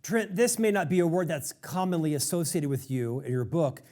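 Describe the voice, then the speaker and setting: A male podcast host introducing his guest with admiring, deliberate emphasis. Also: fairly high pitch, warm tone. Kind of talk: interview.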